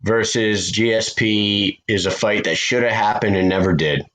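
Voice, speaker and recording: A man hosting a podcast, chatting casually and telling a profane, animated story. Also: lowish voice, moderate pace, poor audio. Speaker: podcast host.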